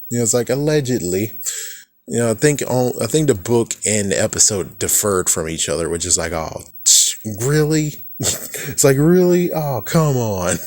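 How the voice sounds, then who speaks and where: Man, low-pitched, rambling casual commentary, dry close sound. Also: dry recording. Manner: rambling, lots of "it's like" and "actually", chuckles to himself. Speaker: YouTube commentator.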